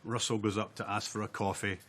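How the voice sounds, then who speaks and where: A man from an audience, telling a story on a television chat show in a plain, steady way. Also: fairly low pitch, fairly quick, slight background noise. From Scotland. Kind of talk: anecdote told on stage. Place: television studio.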